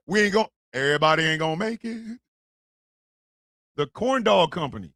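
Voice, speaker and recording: An American man hosting a podcast, joking loudly and laughing through rowdy casual banter. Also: high-pitched, animated, normal speed, pauses often, dry recording. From United States. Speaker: podcast host. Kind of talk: comedic casual chat.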